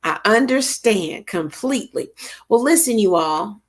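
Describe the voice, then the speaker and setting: A woman's voice: mid-range voice, normal speed. A middle-aged woman, hosting a casual live stream and chatting with viewers by name. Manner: lively, chatty, greets viewers by name, Southern church expressions. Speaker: livestream host.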